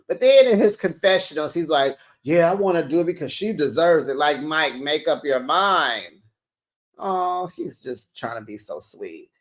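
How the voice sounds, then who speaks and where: A woman hosting a casual reality TV recap, chatty and animated, talking straight to her viewers. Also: a bass voice. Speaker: recap channel host.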